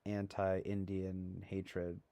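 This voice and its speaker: A man's voice: deep voice, completely flat delivery, very slow, dark tone. A man hosting a casual livestream, rambling with lots of fillers and a sarcastic edge. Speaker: livestream host.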